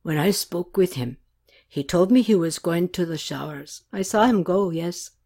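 A woman reading a novel aloud, voicing a soft-spoken male aid worker who talks in a formal, grave way. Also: fairly low pitch, normal speed, gravelly. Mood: somber. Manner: quiet, plain and formal.

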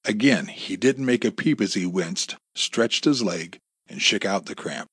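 A man narrating a thriller audiobook with expressive storytelling, close to the mic. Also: lowish voice, unhurried, breathy edge, no echo.

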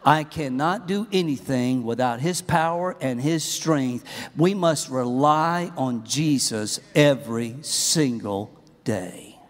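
A middle-aged man preaching a humorous, animated sermon in a large church auditorium. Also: medium pitch, slow pace, long reverb tail. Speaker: pastor.

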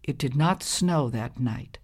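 A woman narrating a folktale in a measured, expressive storybook style. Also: a bass voice, husky.

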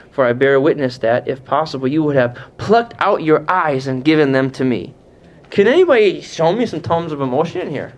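A man teaching a Bible class in an animated, conversational way, often putting questions to his listeners. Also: mid-range voice. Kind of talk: teaching sermon. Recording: muffled lo-fi sound.

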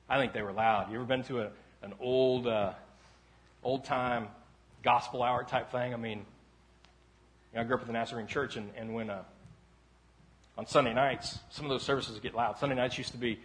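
A man pastor preaching a casual sermon in a church sanctuary, telling rambling self-deprecating stories that break into loud shouts. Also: mid-range voice, steady tone, normal speed, pauses often. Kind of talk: conversational sermon.

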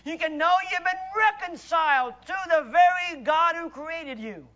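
High-voiced emphatic male preacher. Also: measured pace, highs cut off. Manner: emphatic, rhetorical, swings from loud to hushed. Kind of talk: sermon. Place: church.

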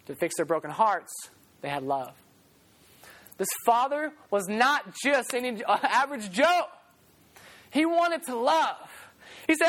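Loud, animated young male preacher. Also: very high voice, unhurried, pauses often. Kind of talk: sermon.

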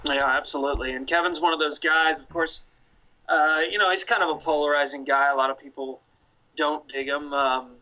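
A man co-hosting a podcast talks in a slightly raised voice with an eager, gushing fan's manner. His tone is bright and forward, and he keeps the feel of casual chat. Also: on the high side, steady tone, a little fast, low-quality recording. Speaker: podcast co-host.

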